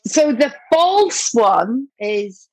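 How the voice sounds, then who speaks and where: A woman with an Irish accent, a podcast guest telling a story with lively energy and acting out the quotes. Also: fairly high pitch, very slow, slight background noise. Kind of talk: animated anecdote-telling.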